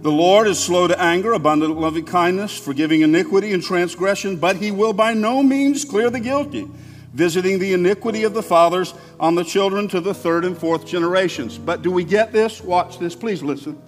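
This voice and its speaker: A man preaching a sermon to his congregation, speaking conversationally and swinging between loud emphasis and soft, quiet asides. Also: high voice, fairly quick, big-room sound, soft background music. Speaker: pastor. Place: church sanctuary.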